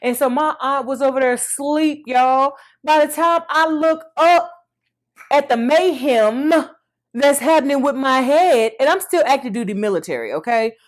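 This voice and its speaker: A woman in her thirties tells her own story to the camera in a loose, animated way, calling out to her viewers. Her voice sits a little high, and she keeps it chatty and personal even when the subject turns heavy. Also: moderate pace. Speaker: vlogger.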